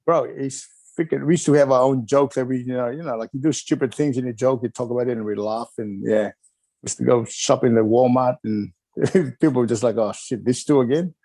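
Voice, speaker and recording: A man's voice: medium pitch, fairly even intonation, fairly quick, warm tone, no room sound. A middle-aged man from Wales, a retired wrestler, reminiscing in a rambling, chuckling way with lots of filler phrases.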